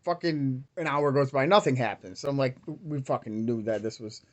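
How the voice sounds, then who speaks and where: A man's voice: medium pitch, moderate pace. Foul-mouthed man ranting into camera. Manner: swears constantly, rambling and heated. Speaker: crypto YouTuber. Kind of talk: profane ranting vlog.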